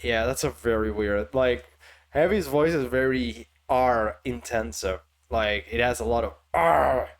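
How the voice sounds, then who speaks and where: A male streamer giving casual commentary during a live game stream, thinking out loud in a self-deprecating way. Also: medium pitch, moderate pace.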